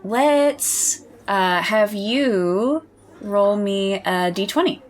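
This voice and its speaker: A woman narrating and running a tabletop role-playing game in a relaxed, chatty way. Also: mid-range voice, drawn-out words, slight background noise. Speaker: game master.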